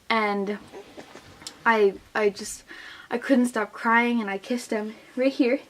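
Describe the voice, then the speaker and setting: A woman's voice: fairly high pitch, steady tone, takes it slowly, pauses often, a little hiss or hum. A young woman casually telling a personal story to camera as a vlogger, chatty and full of "like", quoting what others said. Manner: chatty, heavy use of "like", retelling with quoted voices.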